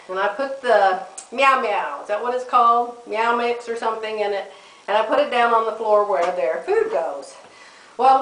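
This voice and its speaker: Chatty middle-aged woman in an echoey room. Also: on the high side. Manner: chatty, laughs often, animated. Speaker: vlogger. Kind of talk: casual storytelling to camera. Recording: echoey room, mic at a distance.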